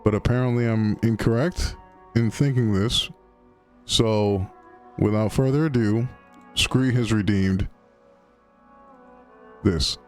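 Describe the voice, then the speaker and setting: A man's voice: lowish voice, fairly even intonation, takes it slowly, pauses often, a little mellow, faint music behind. Rambling, profane male game streamer. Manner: rambling, profane, riffing on slang. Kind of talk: casual live-stream gameplay commentary.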